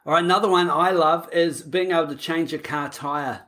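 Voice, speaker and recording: A woman co-hosting a casual podcast, chatty and quick to laugh. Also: low-pitched, fairly even intonation, fairly bright tone. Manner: chatty, laughs often, says "like" a lot. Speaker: podcast co-host. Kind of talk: casual chat.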